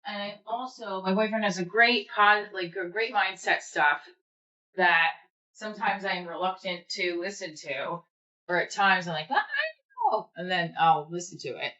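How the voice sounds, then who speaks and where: A woman's voice: lowish voice, fairly even intonation, normal speed, pushed and bright, lo-fi sound. A young woman rambling casually through a home livestream, chatting and answering comments with the odd swear word. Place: room at home.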